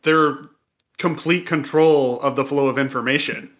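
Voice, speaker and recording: A man co-hosting a casual podcast, dropping quick quips. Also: medium pitch, fairly even intonation, a bit bright. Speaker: podcast co-host. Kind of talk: casual chat.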